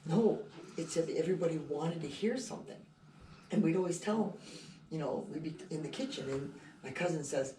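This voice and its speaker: An animated, rambling storyteller who keeps stacking "I said" and "he goes" while telling a casual anecdote. The voice sits at a middle pitch. It is caught from a distance in a roomy space with clear background noise. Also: fairly quick. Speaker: storyteller at the cafe. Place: indoor cafe.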